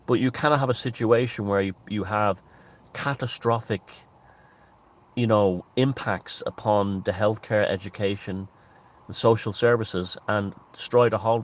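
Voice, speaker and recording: A man's voice: on the low side, normal speed. A man with an Irish accent delivering a scornful, ranting political monologue, sometimes mimicking others. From Ireland. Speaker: political commentator. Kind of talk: monologue commentary.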